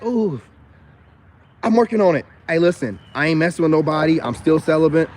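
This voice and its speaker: A man's voice: fairly high pitch, animated, fairly quick, darkish tone. A man talking casually to his camera, rambling and teasing, with slang and flirty crooning asides. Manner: rambling, teasing, slangy, repeats "you know what I'm saying". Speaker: vlogger.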